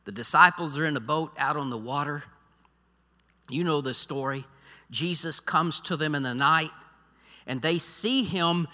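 A man preaching a sermon as pastor, swinging from quiet asides to loud exhortation. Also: on the high side. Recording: long hall reverb.

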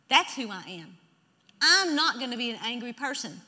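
Woman preacher, high pitched, emphatic sermon, reverberant church hall. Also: sing-song, moderate pace, sharp tone. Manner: emphatic, leads the congregation in repeating scripture.

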